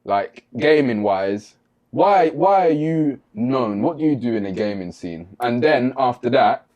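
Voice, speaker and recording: A man's voice: mid-range voice, expressive, unhurried, a little mellow, lo-fi sound. A man hosting a casual gaming show, asking questions playfully and joking around. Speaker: host. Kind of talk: casual chat.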